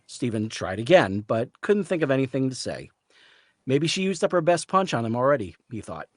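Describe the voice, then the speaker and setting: A man reading the narration of a story aloud at a live reading, in a steady storytelling manner. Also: medium pitch, moderate pace, dry recording, clean studio sound. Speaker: reader, narrator.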